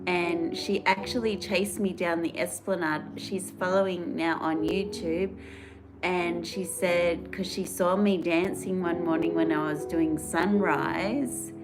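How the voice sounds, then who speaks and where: A woman's voice: lowish voice, fairly even intonation, takes it slowly, over music. A woman chatting casually and earnestly on a live stream, rambling and reading out viewer comments. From Australia. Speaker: livestream host.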